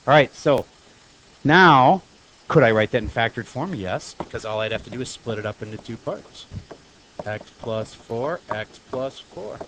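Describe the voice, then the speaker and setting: A man teaches math to a room of students, talking in a loose, chatty way. He keeps stopping to quiz the class with quick questions. His voice sits at an ordinary middle pitch. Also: animated, a bit bright, slight background noise, poor audio. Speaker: high school math teacher. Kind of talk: classroom lecture.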